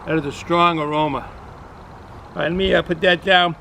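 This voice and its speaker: Casual Boston-accented guy, a bit high-voiced, rambling outdoor beer review over clear traffic noise. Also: fairly even intonation, moderate pace, sharp tone, low-quality recording. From New England, US. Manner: rambling, chatty, repeats himself with frequent fillers. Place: outdoors in cold weather.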